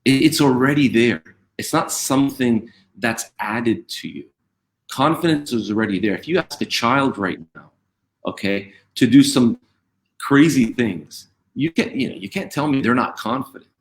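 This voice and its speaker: A man co-hosting a live online talk, heard through a video call. His voice has a middle pitch, and he explains things in a reflective, coaching manner, pausing to check that listeners follow. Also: expressive. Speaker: co-host.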